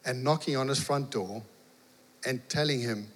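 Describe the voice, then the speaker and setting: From the pulpit, an animated male preacher tells a story at normal speed and acts out its dialogue in a storytelling sermon. His pitch is ordinary middle range for a man, and a large hall's long reverb surrounds it.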